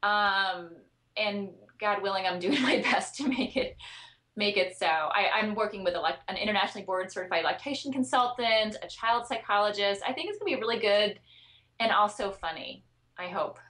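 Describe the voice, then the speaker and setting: Woman, podcast guest, earnest, chatty, lots of ums and restarts, mid pitch. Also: expressive, moderate pace, a bit bright. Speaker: guest expert on child sleep. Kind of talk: podcast interview.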